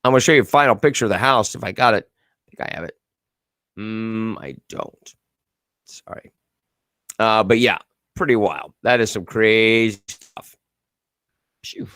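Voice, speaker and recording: A man's voice: on the low side, measured pace, long pauses, a bit bright, no room sound, clean studio sound. A man hosting a casual live commentary show, reading viewer comments and news aloud with a sarcastic edge. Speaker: host.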